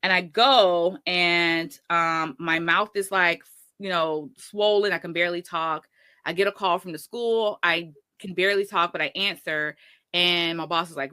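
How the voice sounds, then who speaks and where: A woman's voice: fairly low pitch, normal speed, sharp tone, no echo. A woman teacher telling her story in a casual interview, rambling and often correcting herself. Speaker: teacher and guest.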